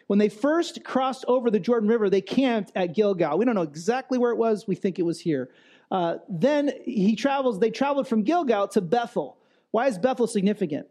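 High-voiced mellow preacher man. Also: lively intonation, brisk. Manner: conversational preaching with restarts and emphatic repetition. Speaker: pastor. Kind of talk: sermon.

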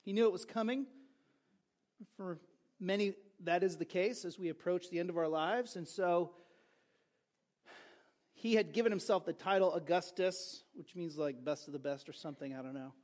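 A man preaching a sermon as pastor, in a conversational way with quick asides and restarts. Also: high voice, a little mellow.

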